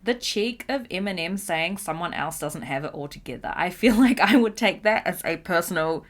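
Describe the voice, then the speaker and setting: A woman's voice: on the low side, expressive, normal speed. A woman hosting a casual pop-culture commentary show, chatty and giggly, swearing now and then. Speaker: host.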